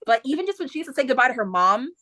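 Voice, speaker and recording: Animated high-pitched woman, dry close sound. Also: rapid-fire, dry recording. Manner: animated retelling with many voices, laughing often. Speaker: podcast host. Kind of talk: casual chat.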